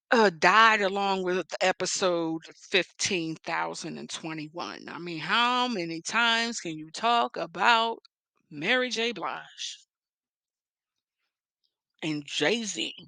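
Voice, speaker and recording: A woman's voice: mid-range voice, vocal fry, bright, forceful tone, dry recording, clean studio sound. A woman with a Philadelphia accent, ranting at someone on her vlog in a confrontational, mocking, profane way. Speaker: vlogger.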